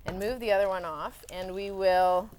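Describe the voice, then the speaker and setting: A woman's voice: medium pitch, steady tone, normal speed, a little mellow, a little hiss or hum. A woman who wrote a cookbook, chatting casually and rambling a little as she demonstrates a recipe on a TV show. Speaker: cookbook author guest.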